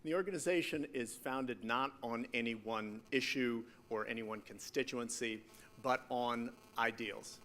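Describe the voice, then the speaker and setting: A man leads an awards evening as its executive director, speaking in a measured and earnest way. His voice is bright and crisp at a middle pitch. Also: a little hiss or hum. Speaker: executive director giving a speech. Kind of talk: formal welcome speech. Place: event hall stage. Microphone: stage microphone.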